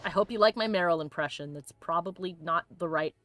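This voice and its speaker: A woman hosting a let's play, chatting and giggling excitably as she plays a video game. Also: on the low side, a little fast, faint music behind. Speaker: host.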